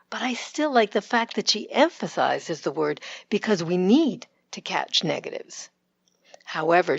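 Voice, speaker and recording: A woman with a Canadian accent, a pronunciation coach giving instructional commentary and modeling words slowly and clearly. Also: on the low side, muffled recording. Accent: Canadian English.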